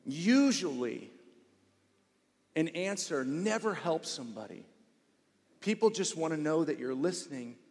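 A man preaching with a fairly high voice, pressing his points hard and then dropping to a hush, often repeating a word for stress. His voice rings through a large sanctuary with a long reverb tail. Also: very animated, unhurried, pauses often. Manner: emphatic preaching, swinging from loud to hushed. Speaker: pastor. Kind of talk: sermon.

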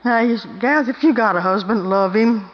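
A woman's voice: a little high, normal speed, a little hiss or hum. An older woman giving a folksy, emphatic storytelling talk to a women's meeting, often checking in with the listeners. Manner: emphatic, asks the audience "Hmm?". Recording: dull recording in a long-echo hall.

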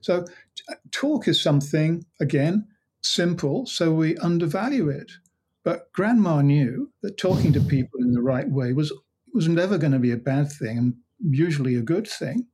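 A man's voice: on the high side, expressive, normal speed, dark tone, husky. A man, a hypnotherapist guest in an interview, who tells stories about his clients with many restarts and acts out their dialogue. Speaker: hypnotherapist and mind coach, guest. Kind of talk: conversational interview.

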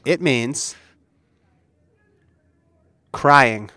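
A man's voice: mid-range voice, drawn-out words, bright, forceful tone, no echo. A man co-hosting a casual sports talk show, playfully quizzing his co-host. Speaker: podcast co-host. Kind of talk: casual chat.

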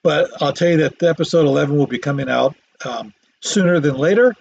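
A man hosting a solo podcast, talking haltingly with lots of fillers and restarts and dry self-deprecating jokes. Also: a little high, gravelly, dull audio, slight background noise. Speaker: podcast host. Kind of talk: rambling solo podcast monologue. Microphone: microphone.

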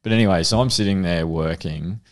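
Deep-voiced man telling a story. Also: brisk. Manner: storytelling, laughing often. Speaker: podcast co-host. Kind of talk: casual chat.

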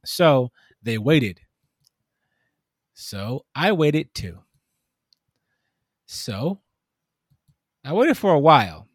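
A man telling a long story in casual conversation, animated and acting out the people in it. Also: medium pitch, drawn-out words, long pauses, breathy edge, dry recording, clean studio sound. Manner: animated storytelling, mimics customers. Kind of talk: casual chat.

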